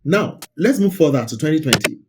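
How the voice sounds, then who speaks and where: A man's voice: on the high side, lively intonation, a little fast, noisy background. A man hosting a casual screen-share commentary about online videos, emphatic and often repeating words for stress. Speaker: YouTube creator and host.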